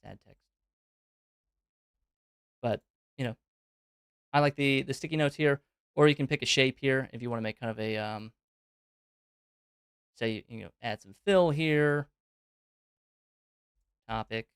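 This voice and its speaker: A man's voice: medium pitch, measured pace, pauses often, smooth, no echo, studio quality. A man hosting a live Q&A stream, explaining things on screen in a loose, conversational way with plenty of fillers. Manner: loose and conversational, thinking aloud with many fillers.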